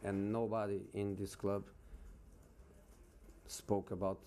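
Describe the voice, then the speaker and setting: A man answering questions as a football manager at a press conference, speaking haltingly and repeating words with many pauses. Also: on the low side, flat delivery, warm tone, a little hiss or hum.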